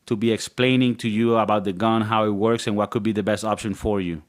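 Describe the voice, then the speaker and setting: A man's voice: lowish voice, little pitch movement, brisk. A man with a Spanish-influenced accent co-hosting a podcast, crude and joking, laughing often. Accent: Spanish-influenced English. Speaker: podcast co-host. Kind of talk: casual comedic podcast chat.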